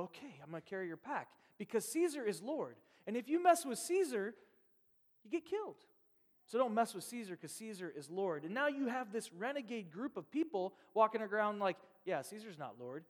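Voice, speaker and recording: Male preacher, high voice, casual animated sermon, long hall reverb. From Nebraska, USA. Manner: conversational, animated, acts out quoted voices. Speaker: pastor.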